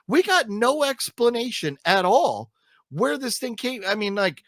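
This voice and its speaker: Guy ranting about a bad movie, lots of uh and um, kinda high voice, dry close mic. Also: big pitch swings, moderate pace, fairly bright tone, no room sound. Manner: rambling, many fillers and restarts; exasperated, emphatic griping. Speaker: co-host reviewing films. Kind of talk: casual chat review.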